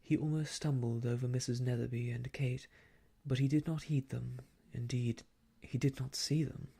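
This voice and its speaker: A man softly reading an old novel aloud for ASMR, hushed and slow, slipping into whispers, close to the mic. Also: medium pitch, fairly even intonation, gravelly, husky. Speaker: storyteller.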